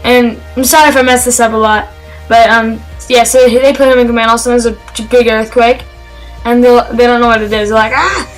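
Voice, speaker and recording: A woman's voice: fairly high pitch, level tone, a little fast, soft background music, rough recording. Rambling, eager young-sounding woman reviewer. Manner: rambling and hesitant, with many fillers and restarts; enthusiastic. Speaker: film reviewer. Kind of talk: casual spoken film review.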